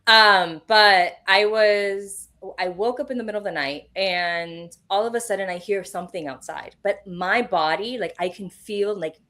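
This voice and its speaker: A woman who works as a medium, appearing as a guest in a casual interview, tells a personal story in an animated way with plenty of swearing. Her voice is medium-pitched and her pace moderate.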